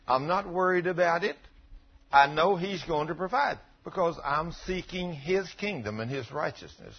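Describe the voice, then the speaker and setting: A man's voice: on the high side, lively intonation, normal speed, husky. A middle-aged male pastor preaching in a folksy, earnest, conversational way and quoting scripture, in a dull lo-fi recording. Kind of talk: conversational sermon.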